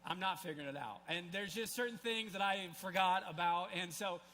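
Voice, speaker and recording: A male pastor in his forties speaks to his congregation on a stage mic, his voice bright and a touch higher than most men's. He tells a personal story in a relaxed, chatty way, restarting phrases and throwing in asides to the room. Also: a little fast, a little hiss or hum. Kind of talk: storytelling sermon. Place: church service, live before a congregation.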